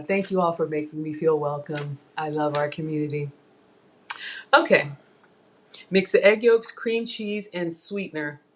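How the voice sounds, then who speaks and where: Middle-aged woman host, slightly low-pitched, talks casually to her stream audience while cooking at home. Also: slight background noise. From Africa. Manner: chatty, addresses viewers as y'all. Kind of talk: live cooking stream chat. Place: home kitchen.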